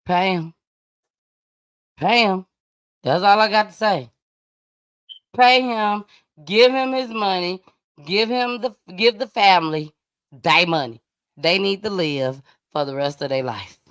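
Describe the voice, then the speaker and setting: A woman's voice: mid-range voice, slow, long pauses, fairly bright tone, clean tone, no room sound, studio quality. A woman hosting a live stream, giving casual, slangy commentary on news clips and talking directly to her audience.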